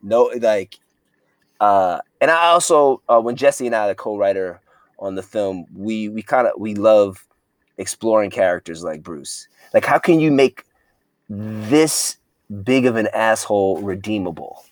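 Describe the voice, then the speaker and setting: A man with a lowish voice talks as a guest on a relaxed podcast. He sounds earnest and reflective, rushing some phrases and drawing out others as his thoughts form. The sound is dry, with no room echo. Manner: earnest, reflective, speeds up and slows down mid-thought. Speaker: actor and filmmaker guest. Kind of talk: casual podcast interview.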